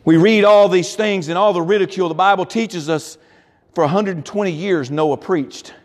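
A man preaches from the pulpit in a strikingly high voice. He drops low, then swells on slow, stressed words. The sanctuary rings with a long reverb. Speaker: pastor. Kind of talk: sermon. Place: church sanctuary.

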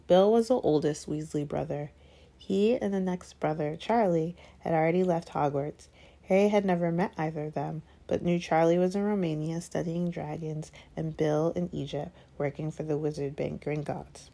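A woman reading a children's fantasy novel aloud in steady, measured narration. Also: deep voice, gravelly. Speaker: audiobook reader. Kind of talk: scripted narration.

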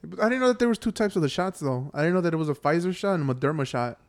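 A man's voice: a little high, expressive, racing. A man in casual chat with friends, rambling in a laid-back way and laughing often. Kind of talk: casual banter.

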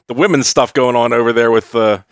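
A man's voice: mid-range voice, fairly even intonation, a little fast, dry recording, clean studio sound. A man hosting a wrestling podcast, chatty and laughing a lot as he eggs on his co-host. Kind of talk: casual podcast chat.

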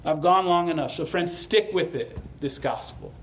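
A man's voice: fairly high pitch, moderate pace, a little hiss or hum. A male pastor preaching a sermon, conversational and then passionately exhorting the congregation, ending in prayer.

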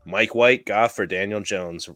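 A low-pitched man with a bright, forward edge to his voice talks through picks in a relaxed, chatty way and laughs easily at himself. He sounds very close to the mic in a dry, dead room. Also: a little slow, dry recording. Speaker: podcast host. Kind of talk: casual fantasy football chat.

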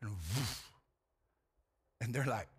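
A man preaching a sermon, retelling a story in animated, casual language with slang like "man" and "bro". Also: mid-range voice, slow, husky. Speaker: pastor.

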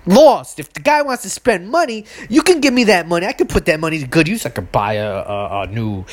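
A woman hosting her own podcast, delivering a heated, exasperated solo rant with profanity and sudden high outbursts. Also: very animated, fairly quick. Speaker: podcast host. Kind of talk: solo ranting monologue.

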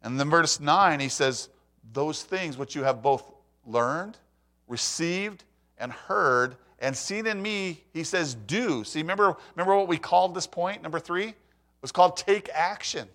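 An older man delivers a conversational sermon and keeps asking his listeners questions. He tells stories and acts out the lines of the people in them. His voice sits a little high. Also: a little slow, sharp tone. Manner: storytelling, acts out quoted voices; conversational, asks the audience questions. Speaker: preacher.

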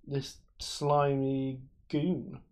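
A man's voice: mid-range voice, little pitch movement, drawn-out words, a little mellow, a little hiss or hum. A man, co-hosting a podcast and explaining things at length in casual chat, with lots of fillers. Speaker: podcast co-host.

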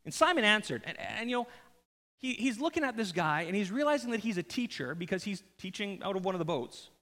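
A man preaches a sermon in a fairly high voice that swings widely in pitch. He tells the story in an animated, conversational way with jokes. A long reverb from the large church hall trails behind his voice. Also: fairly quick. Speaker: pastor.

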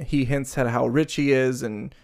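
A man co-hosting a podcast, recapping a film's plot in relaxed casual chat. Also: mid-range voice, normal speed, gravelly. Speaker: podcast co-host. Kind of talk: casual chat about a film.

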